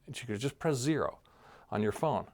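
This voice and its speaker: A man's voice: mid-range voice, expressive, a little fast, darkish tone. A man co-hosting a casual podcast chat, rambling as he retells a show's plot in quoted voices. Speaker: podcast co-host.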